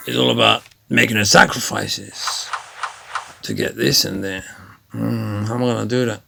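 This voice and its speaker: A man giving chatty, rambling gameplay tutorial commentary that often turns excited. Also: medium pitch, vocal fry. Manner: chatty, rambling with many fillers, grows excited. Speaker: gaming video creator.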